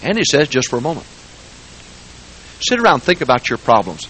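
A man preaching a folksy, joking sermon in a church, swinging between quiet asides and shouting. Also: mid-range voice, huge pitch swings, normal speed, pauses often, husky. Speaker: guest preacher. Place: church sanctuary.

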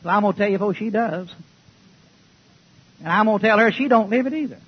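An older man preaching a folksy, joking sermon, swinging between loud outbursts and low mutters. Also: quick pace, slightly rough, lo-fi sound.

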